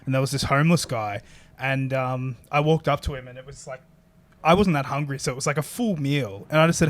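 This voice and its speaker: A man, hosting a casual podcast chat and agreeing often. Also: mid-range voice. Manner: chatty, frequent quick agreement. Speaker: podcast host.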